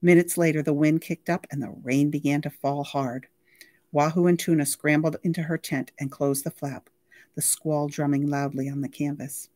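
A library reader reading a novel aloud with lively, expressive storytelling. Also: medium pitch, moderate pace, no echo, clean studio sound.

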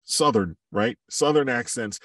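A man who works as a voiceover artist and coach, speaking as a podcast guest in a measured, reflective way and giving examples. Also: mid-range voice, fairly bright tone, no echo, clean studio sound, distant mic. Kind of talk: podcast interview, thoughtful conversation.

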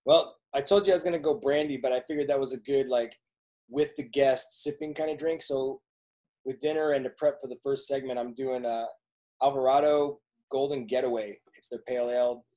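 A man with a Midwestern accent talks quickly on a relaxed podcast over drinks. He sounds upbeat and teases his co-hosts. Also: medium pitch. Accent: Midwestern American. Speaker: podcast co-host. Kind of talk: casual chat over drinks.

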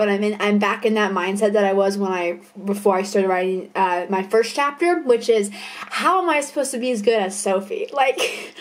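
A young woman vlogging casually about her writing, bubbly and gushing, rambling with fillers and self-deprecating asides. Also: mid-range voice. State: out of breath. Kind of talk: casual chatty vlog.

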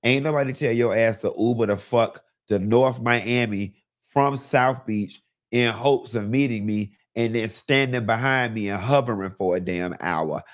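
A man hosting a live celebrity gossip show, talking bluntly and sassily, with lots of cursing and animated storytelling. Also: mid-range voice, a little slow. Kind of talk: casual celebrity gossip commentary.

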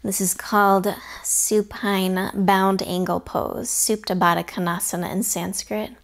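A young adult woman teaching a yoga class, giving calm step-by-step cues and whispering some words. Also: mid-range voice, measured pace, vocal fry. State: slightly out of breath. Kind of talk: guided yoga class instruction.

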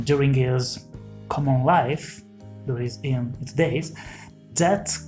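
A man's voice: medium pitch, darkish tone. Italian-accented man, hesitant interviewer. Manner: hesitant, many self-corrections. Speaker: host, interviewer. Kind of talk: interview questions.

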